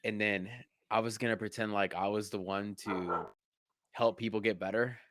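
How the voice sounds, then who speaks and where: A man's voice: fairly low pitch, steady tone, a bit bright, dry recording. Candid young man, dry close sound. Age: young adult. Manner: candid, self-deprecating, halting with many restarts and fillers. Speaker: podcast co-host. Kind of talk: casual podcast chat.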